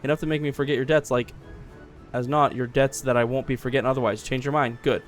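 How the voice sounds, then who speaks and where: A man's voice: fairly even intonation, fast talker, faint music behind, natural voice. A man voicing a scheming woman merchant who coaxes in a salesy way. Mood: coaxing. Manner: coaxing, sales-pitch talk.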